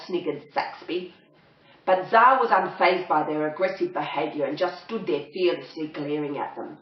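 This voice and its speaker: Aussie lady reading a kids' story, lowish voice, doing the animal voices, echoey dull recording. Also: moderate pace. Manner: lively character voices with big pitch jumps. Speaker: audiobook reader. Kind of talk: storybook read-aloud. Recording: roomy lo-fi home recording.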